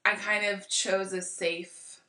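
A woman's voice: medium pitch, flat delivery, slow, pushed and bright, reverberant, recorded from a distance. A young American woman in her twenties, a podcast guest, talking reflectively in a rambling, casual way with many fillers. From United States. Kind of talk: casual conversation.

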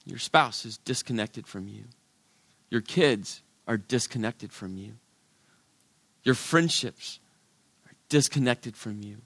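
Middle-aged guy preaching a sermon, goes big then drops way down quiet, dry close sound. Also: mid-range voice, slow, pauses often, dry recording. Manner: dynamic preaching, swinging from loud to hushed. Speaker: pastor.

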